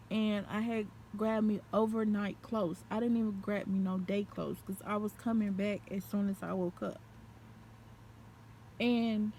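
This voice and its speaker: A woman's voice: fairly high pitch, darkish tone, a little hiss or hum. A young woman telling a story in a casual, profane way, laughing as she goes.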